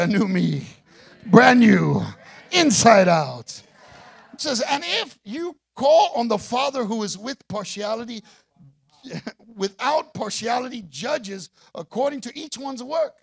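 Husky preacher guy, kinda high voice, call and response, gets loud. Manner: rousing call-and-response preaching, rising to shouts. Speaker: pastor. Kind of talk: sermon.

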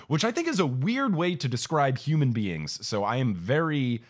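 A man's voice: medium pitch, big pitch swings, moderate pace. A young man hosting a podcast in casual chat with his sister, laughing often and acting out quotes from the book. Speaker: podcast host.

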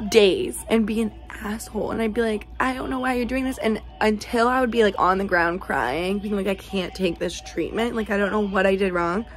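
A young woman vlogger chatting casually to camera, venting in a chatty, profane way. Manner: chatty, profane, venting with big swings in pitch. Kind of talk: casual vlog chat.

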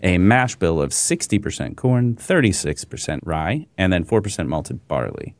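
A man's voice: deep voice, big pitch swings, moderate pace, no echo. A man co-hosting a casual podcast, joking and self-deprecating as he talks. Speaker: podcast co-host. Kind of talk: casual chat.

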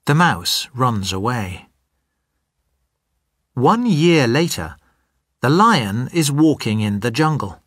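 Man, storybook narrator, very slow, animated pitch, dry studio sound. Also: no room sound. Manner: slow, clear, expressive reading. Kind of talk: scripted narration for learners.

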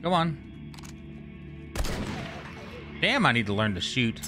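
A man giving casual gameplay commentary, excitable and profane, joking with the characters he meets. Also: mid-range voice, a little fast, music in the background. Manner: excitable, profane, jokey, talks to game characters. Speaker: gamer streamer. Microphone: studio microphone.

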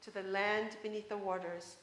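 A woman's voice: medium pitch, little pitch movement, moderate pace, fairly bright tone, echoey room, close to an everyday voice. Woman reading as a grieving stubborn daughter.

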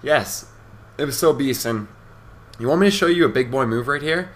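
His voice sits in the mid-range, a bit bright with lively intonation, at normal speed, with a faint hiss or hum in the recording. This young gaming commentator gives casual, meandering commentary over play that's boastful, brash and profane, with many fillers and restarts.

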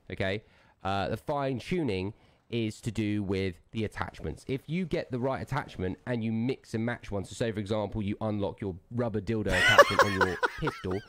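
A man's voice: on the low side, wildly swooping pitch, brisk, sharp tone. A man streaming a game, launching into an aggressive, profane rant that keeps jabbing with "yeah?". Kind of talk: angry livestream rant.

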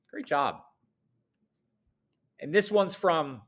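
A man giving morning announcements at a high school in an upbeat, chatty way, swooping up high for emphasis. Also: moderate pace, a bit bright.

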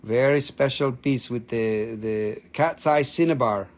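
Man, live mineral sales stream, casual, jokey, curses a lot, average pitch. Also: a little slow. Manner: joking, blunt, swears freely, non-native phrasing.

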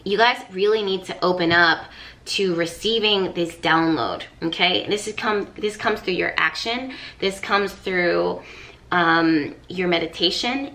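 A woman's voice: on the low side, a little slow, pushed and bright. A woman, a professional astrologer, giving a casual spoken astrology reading to her viewers in an earnest, coaching way, repeating phrases for emphasis. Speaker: astrologer and tarot reader.

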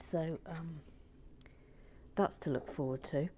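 A woman hosting a casual building vlog, chatting with viewers and often murmuring softly to herself as she works. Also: on the low side, measured pace, slight background noise. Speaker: host.

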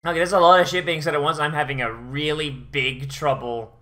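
Brisk and sharp-toned, with medium pitch and fairly even intonation, this streamer reacts casually to an anime episode. The commentary rambles, swears freely and keeps circling back to restart sentences.

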